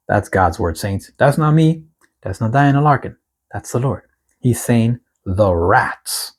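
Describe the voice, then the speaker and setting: A man hosting a prophetic word channel, reading a prophecy aloud and commenting on it fervently, swinging from loud exclamations to hushed whispers and stretching out key words. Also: mid-range voice, lively intonation, slightly rough. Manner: slow, drawn-out emphasis on key words.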